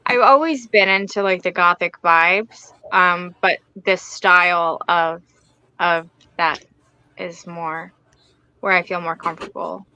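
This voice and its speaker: Woman on a video call, bright voice, kinda low, dry sound, hesitant and trailing off. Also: fairly even intonation, takes it slowly, clear, resonant tone, no echo, rough recording. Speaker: guest author. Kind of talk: casual livestream interview.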